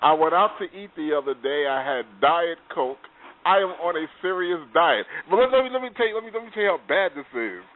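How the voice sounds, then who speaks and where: A man hosting a radio talk show, telling animated stories with stammering restarts. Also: fairly high pitch, fast. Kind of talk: casual chat and storytelling. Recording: phone-line sound with faint noise.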